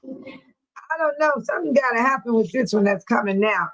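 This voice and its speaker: Woman host, chatty and repetitive, talking to viewers live; voice sits a bit high. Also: animated, a bit bright, lo-fi sound. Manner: repetitive, chatty, quick to laugh. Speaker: livestream host. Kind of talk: casual live chat with viewers.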